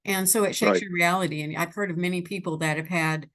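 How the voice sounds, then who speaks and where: A woman's voice: on the low side, fairly even intonation, quick pace, a bit bright. A woman hosting an interview, asking thoughtful questions with a hesitant way of phrasing them. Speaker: interview host.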